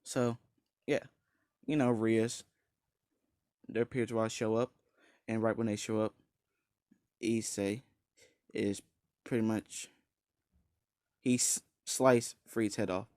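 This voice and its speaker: A man's voice: lowish voice, little pitch movement, slow, pauses often, darkish tone, dry recording, clean studio sound. A man casually retelling a fan story, rambling, slangy and blunt, with many restarts and fillers.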